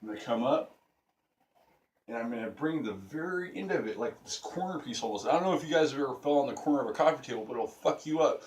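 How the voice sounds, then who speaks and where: A man's voice: mid-range voice, animated, quick pace, a little hiss or hum. A young man casually teaching a stick-fighting move in a video lesson, talking brash and profane. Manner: profane, brash street talk. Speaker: self-defense instructor.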